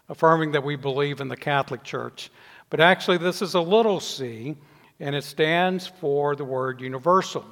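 An older man preaching a sermon, measured, letting his voice fall softly at the ends of phrases. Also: fairly high pitch. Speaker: pastor. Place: church sanctuary. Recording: long reverb in a church hall.

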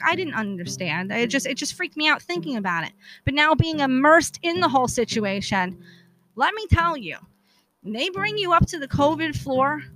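A woman hosting a podcast, telling a personal story in a candid, profane, animated way, acting out the dialogue she quotes. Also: high-pitched. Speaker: podcast host. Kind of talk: casual storytelling monologue.

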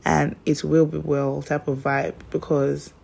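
A woman's voice: deep voice, level tone, unhurried, gravelly, a little mellow. A young woman, chatting casually and telling personal stories, rambling with lots of fillers. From Nigeria.

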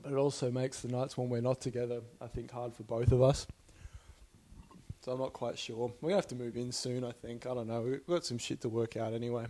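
A young man rambles candidly about his week. He swears freely and breaks into laughter now and then. His voice sits at an ordinary middle pitch. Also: fairly even intonation, fairly quick, mellow. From Australia. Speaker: podcast host. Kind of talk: casual personal monologue.

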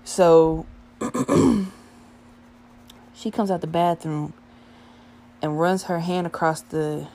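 A young adult woman telling a profane, animated story about a night out, acting out the dialogue as she goes. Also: sits low, slow, long pauses. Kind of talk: casual storytime monologue.

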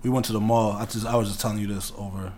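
A man's voice: fairly low pitch, fairly even intonation, very fast, darkish tone, slight background noise. A man co-hosting a podcast in casual chat, rambling and cursing as he talks through his thoughts. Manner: rambling, profane, full of fillers and restarts. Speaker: podcast co-host.

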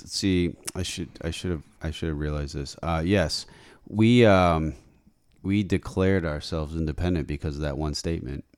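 A man hosting a live radio show in a studio, bantering casually with deadpan wisecracks. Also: a bass voice, moderate pace, smooth, no room sound. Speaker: radio host. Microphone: studio microphone.

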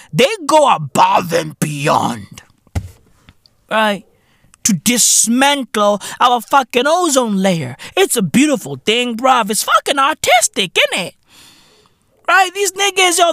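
Podcast host, man, profane ranting with slang; high, slow-paced delivery. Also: no echo, studio quality. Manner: profane, slangy, heavy use of "bruv" and "innit"; animated, bursts of shouting. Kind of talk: comedic rant.

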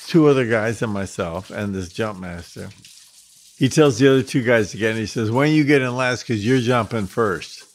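A man with a middle-pitched voice tells a personal story in a relaxed, conversational way. He talks animatedly and often restarts his sentences. A faint hiss sits behind him. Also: vocal fry. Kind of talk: casual spoken anecdote.

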